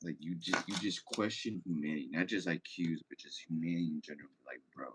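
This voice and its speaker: A man's voice: low-pitched, fast, noisy background. A young man chatting casually as a streamer, reading chat aloud, laid-back and rambling, cursing often.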